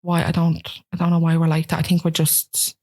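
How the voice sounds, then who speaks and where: A woman's voice: low voice, brisk. A woman in her thirties with a Dublin accent, telling stories in a casual interview chat and acting out what people said. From Ireland. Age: 30s. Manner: animated storytelling, acts out quoted voices. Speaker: guest.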